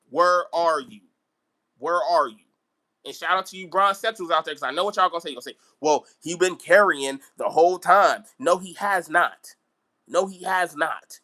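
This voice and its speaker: Ranting man, high and bright. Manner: animated, repetitive ranting. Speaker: basketball vlogger. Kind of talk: live-stream sports rant.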